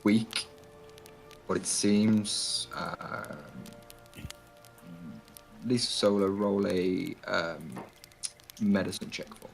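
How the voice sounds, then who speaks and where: A man's voice: lowish voice, steady tone, very slow, gravelly, long pauses, faint music behind, poor audio. A man narrating a tabletop game as game master, in a loose, descriptive way with many fillers.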